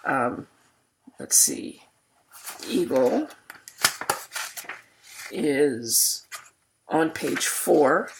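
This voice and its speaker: A woman teacher giving a recorded poetry lecture, losing her voice and clearing her throat, reading verse slowly and deliberately. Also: very deep voice, expressive, a little hiss or hum.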